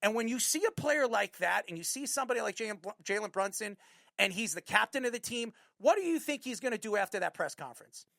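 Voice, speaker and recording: A male sports talk host rants about basketball with a rough, gravelly texture in his voice. He talks with fired-up, repetitive emphasis and often climbs into near-shouts. The sound is dry and close, with no room behind him. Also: sits high, expressive, fast, no echo. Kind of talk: heated sports commentary rant.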